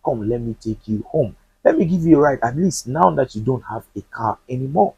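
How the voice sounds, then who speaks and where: A man's voice: mid-range voice, lively intonation, brisk, creaky, warm tone, slightly rough, no room sound, highs cut off, heavily acted. A man voicing a devoted wife who kindly offers her estranged husband a ride home. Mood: coaxing. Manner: coaxing, caring.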